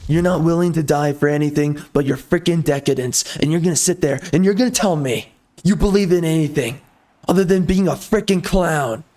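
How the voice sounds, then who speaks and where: A man's voice: fairly high pitch, brisk, a little mellow. Angry sarcastic man ranting over gameplay. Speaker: gameplay video host.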